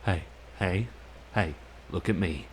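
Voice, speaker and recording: A man voicing a steady, gruff man who calms a friend by telling him a story. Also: low-pitched, slow, background noise. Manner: firm then gently storytelling.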